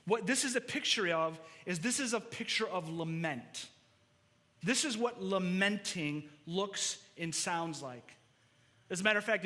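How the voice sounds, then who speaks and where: A man's voice: sits high, bright, forceful tone, long reverb tail. A male pastor preaching an earnest sermon, repeating words as he stresses a point. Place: church hall.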